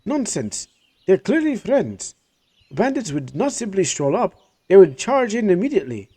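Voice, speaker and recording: A man's voice: sits high, big pitch swings, normal speed, mellow, slightly rough, voice pushed up, full character voice. A man voicing a friendly, trusting merchant in a raised, cheerful voice. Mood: insistent.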